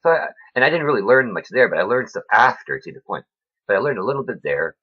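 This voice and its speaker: A man talking to his viewers about faith in a rambling, preachy way, keeps asking "right?", and his voice swings between loud and soft with emotion. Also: lowish voice, sing-song, quick pace, husky, dull audio. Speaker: vlogger. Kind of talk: rambling faith talk to camera.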